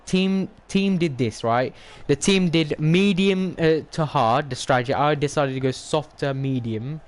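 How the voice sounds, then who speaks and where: A young man, commentating his racing game on a live stream, excitable and rambling as he talks to chat. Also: a little high, measured pace.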